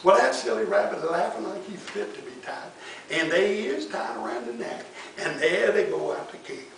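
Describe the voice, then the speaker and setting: A man telling an old folk tale in a folksy, chuckling manner. His voice sits very high and moves around a lot, bright in tone. He is recorded from a distance in a roomy, echoing space. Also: lively intonation, normal speed, vocal fry, slight background noise. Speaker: storyteller. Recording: echoey room, mic far off.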